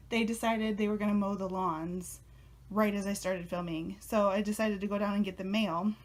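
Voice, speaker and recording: A young woman chatting casually as a tarot vlogger, a little out of breath, bubbly and excitable and laughing often. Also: medium pitch. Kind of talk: casual chat.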